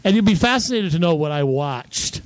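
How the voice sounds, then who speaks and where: Animated middle-aged man telling stories. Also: on the high side, moderate pace, dry recording. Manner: animated storyteller, repeats words when starting sentences. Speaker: podcast co-host. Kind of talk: casual chat.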